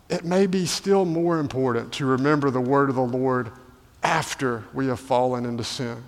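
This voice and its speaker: A man's voice: mid-range voice, unhurried, darkish tone. A male pastor delivering a sermon, asking rhetorical questions and building to emphatic peaks. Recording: long hall reverb.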